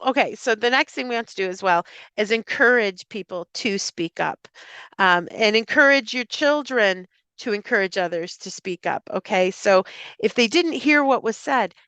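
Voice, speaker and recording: A middle-aged woman with an Irish accent, a speech and language therapist giving a live talk to parents and educators, explaining clearly with frequent fillers and restarts. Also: medium pitch, animated, normal speed, a bit bright, no room sound. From Ireland. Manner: acts out example phrases in a lifted voice.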